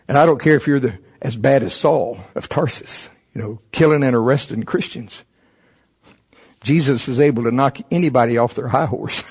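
A man's voice: a little high, darkish tone, slightly rough. A man preaching a sermon, reading from a text and stopping to comment, rising emphatically on key words. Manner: reads a text aloud and stops to comment.

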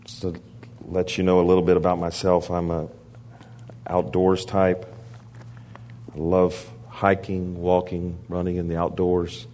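A man preaching to a church, telling animated stories and laughing often between lines. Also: deep voice, a little slow, pauses often, a little hiss or hum. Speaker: guest preacher. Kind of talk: storytelling sermon.

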